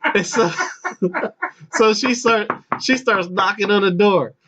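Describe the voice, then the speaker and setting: A man's voice: high-pitched, slow, bright, forceful tone, a little hiss or hum. A man in his thirties hosting a podcast, telling a long personal story casually, laughing often, restarting sentences and acting out voices. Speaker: podcast host. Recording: muffled lo-fi podcast audio.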